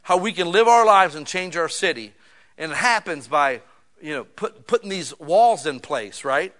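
A man preaching a conversational sermon to his small church, swinging between loud emphatic bursts and quiet, intimate asides. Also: on the high side, animated, moderate pace. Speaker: pastor.

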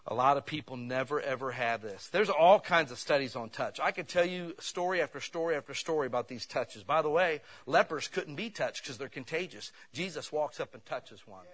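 A man preaching a sermon, telling personal stories in an animated way that swings between loud bursts and hushed asides. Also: fairly high pitch, fairly quick, few pauses.

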